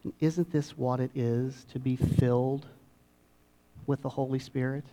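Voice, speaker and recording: A middle-aged man preaching a sermon, dropping to hushed asides and rising to emphatic peaks with dramatic pauses. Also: mid-range voice, steady tone. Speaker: pastor.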